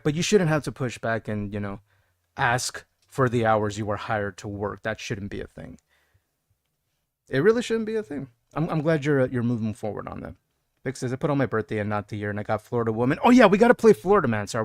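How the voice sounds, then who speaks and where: A man's voice: medium pitch, no room sound, studio quality. A young man from Texas in casual, rambling live-stream chat, reading out viewer messages as he plays. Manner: rambling, chatty, reads chat aloud. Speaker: game streamer.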